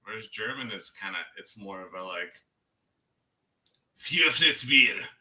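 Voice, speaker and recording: Co-hosting a casual livestream, a man chats in a rambling manner and laughs easily. His voice sits low, with a fairly quick pace and a sharp tone.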